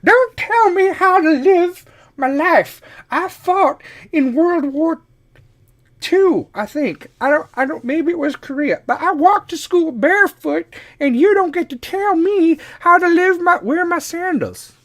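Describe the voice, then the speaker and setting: A man voicing a cranky, stubborn old grandfather who scolds slowly and rambles. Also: extremely high pitch, expressive, fairly bright tone, pitched above the performer's own voice, exaggerated voice. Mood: grumpy scolding. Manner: slow, querulous, scolding.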